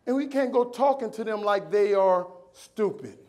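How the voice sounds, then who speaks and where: A man with a high voice delivers a preacher-like keynote from a conference stage. He hammers phrases by repeating them and acts out every character in his stories. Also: lively intonation, normal speed, darkish tone. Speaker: motivational speaker. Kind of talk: storytelling keynote speech. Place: conference stage before a live audience.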